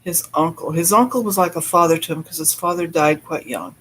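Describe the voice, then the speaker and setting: A man with a notably high voice talks loosely to his live stream audience. He laughs often and breaks off mid-thought to greet viewers in the chat before picking his story back up. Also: animated, a little fast, a bit bright, slight background noise.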